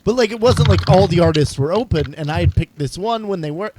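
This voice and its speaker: A man with a slightly higher voice chatting on a podcast. He tells stories in a rambling, animated way, tripping over his words and circling back. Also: fast talker, background noise. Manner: rambling, animated storytelling with restarts. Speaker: podcast co-host. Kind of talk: casual chat.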